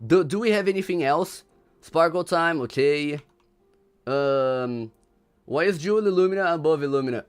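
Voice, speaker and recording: A man's voice: on the high side, moderate pace, clear, resonant tone. A young man from Brazil with a Brazilian accent, hosting a casual livestream, laughing often and repeating himself in slangy chatter. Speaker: livestream host.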